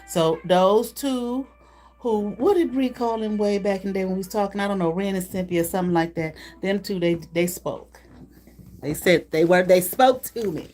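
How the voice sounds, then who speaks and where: A woman's voice: mid-range voice, normal speed, darkish tone, soft background music. A woman doing a live card reading, talking bluntly and profanely while laughing often between remarks. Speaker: intuitive card reader.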